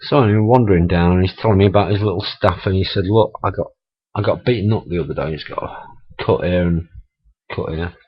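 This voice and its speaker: A middle-aged man vlogs in a chatty monologue, telling stories with laughter and swearing. His voice is low, brisk and slightly rough, captured on dull lo-fi camera audio.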